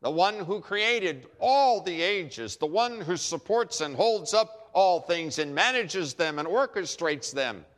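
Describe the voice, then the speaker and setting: A man preaching a sermon emphatically, with dramatic pauses and repeated phrases for effect. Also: high-pitched, expressive, a bit bright. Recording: long hall reverb.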